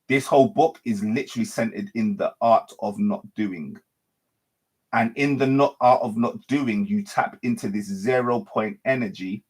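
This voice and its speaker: A man's voice: fairly low pitch, slightly rough. A man giving an unscripted spiritual monologue as a teacher, repeating and reworking his phrases and often correcting himself. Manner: repetitive, circling phrasing with frequent self-corrections.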